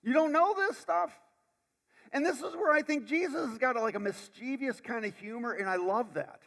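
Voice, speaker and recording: A male pastor preaching a sermon, dramatic, swinging from loud bursts to hushed lines and repeating words as he goes. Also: very high voice, fairly quick. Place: church sanctuary. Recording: long church hall reverb.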